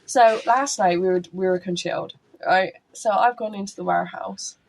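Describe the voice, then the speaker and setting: A young woman co-hosting a podcast, telling a story in casual chat, swearing freely and acting out the other people's lines in high voices. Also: normal speed, creaky, a little hiss or hum. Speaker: podcast co-host.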